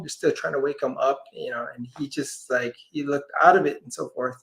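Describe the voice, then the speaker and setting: A healer appearing as a guest on an interview show tells a long personal story, animatedly acting out the voices of the people in it and sometimes dropping to a near whisper. He's an adult parent with a mid-range voice, speaking at normal speed with few pauses.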